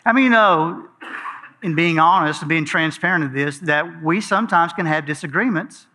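A man preaching in an easy, folksy, conversational style. His voice sits high for a man and sounds bright and ringing. He talks to the congregation as if chatting with friends. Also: moderate pace. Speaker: pastor. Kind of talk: sermon.

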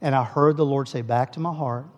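A man preaching, telling a personal story with acted-out dialogue and easing into soft prayer at a church service. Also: mid-range voice, fairly even intonation, fairly quick, lo-fi sound. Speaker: pastor. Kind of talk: sermon testimony. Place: church service, also streamed online.

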